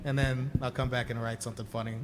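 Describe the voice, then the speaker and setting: A man's voice: medium pitch, flat delivery, fast. A male comedian, a guest on the show, speaks hesitantly and stops often to fill gaps. His voice carries a long reverb tail. A faint hiss sits under it. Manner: hesitant, many fillers, chuckling. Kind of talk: casual chat.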